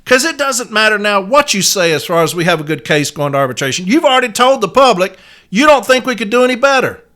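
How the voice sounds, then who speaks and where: A man's voice: a little high, sharp tone. A man hosting his own podcast, ranting angrily and cursing freely, talking as a union letter carrier. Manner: angry, profane, emphatic. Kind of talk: heated solo podcast rant.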